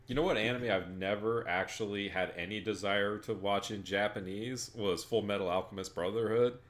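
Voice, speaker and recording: A man's voice: on the low side, normal speed. A man acting as game master, chatting casually with his players and swearing freely. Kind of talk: casual chat between tabletop players.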